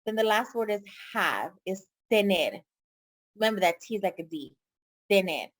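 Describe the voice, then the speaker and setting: A woman's voice: mid-range voice, animated, moderate pace. A woman teaching a vocabulary lesson online, speaking patiently and repeating each word for her students. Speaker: pharmacy tech Spanish tutor.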